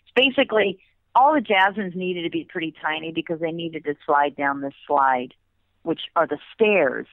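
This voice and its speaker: Lady telling park stories over a phone call, lively, voice sits a bit low, sounds tinny and dry. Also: normal speed, dry recording. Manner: animated, with bursts of laughter. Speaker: former theme park performer, interview guest. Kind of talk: casual storytelling.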